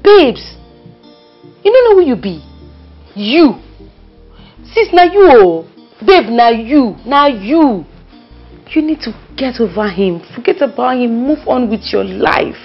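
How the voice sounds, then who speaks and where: Actress doing Nigerian best friend, emphatic and lively, dull film audio with faint music. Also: female voice, a little high, normal speed, gravelly, few pauses, breathy edge, full character voice. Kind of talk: Nollywood film acting.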